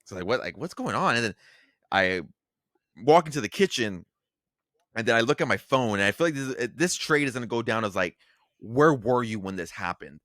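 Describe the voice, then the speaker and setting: On a casual podcast, a male co-host talks a bit fast with lively intonation at medium pitch, rambling through fillers, restarts and swearing. His fairly bright voice comes through clean, studio-quality, with no room sound.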